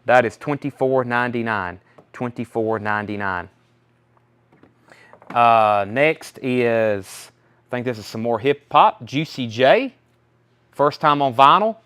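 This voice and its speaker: A man's voice: mid-range voice, measured pace, pauses often, fairly bright tone, clean tone. A young man hosting a live record sale stream, chatting casually while he rattles off album titles and prices.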